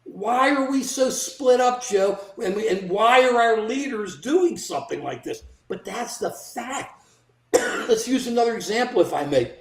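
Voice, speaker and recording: Livestream political co-host, indignant and animated, average pitch, roomy echoey sound. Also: unhurried, gravelly. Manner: indignant, animated, mimics politicians in quoted asides. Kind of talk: casual political commentary. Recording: echoey room.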